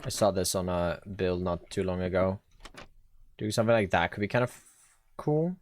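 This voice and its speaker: A man with a Swedish accent streaming live, thinking out loud as he builds and chatting easily with his viewers. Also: sits low, moderate pace, a little hiss or hum. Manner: thinks aloud, chatty, reads chat and answers viewers. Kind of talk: casual live-stream chat while building.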